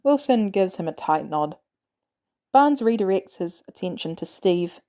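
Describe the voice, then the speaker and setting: Mellow-voiced woman narrating a story. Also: medium pitch. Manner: measured, even storytelling. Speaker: podfic reader.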